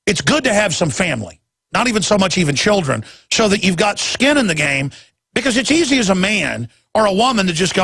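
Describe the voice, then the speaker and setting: A man's voice: sits high, very animated, brisk, creaky, fairly bright tone, breathy edge, no echo. A man in his forties hosting a talk radio show, speaking intensely and emphatically and stumbling over repeated words when worked up. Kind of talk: impassioned talk radio monologue.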